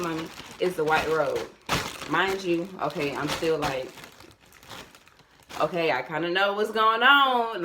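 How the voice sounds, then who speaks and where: Low-voiced woman telling a story casually. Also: noisy background. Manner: animated, repetitive, addresses viewers as y'all. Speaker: vlogger.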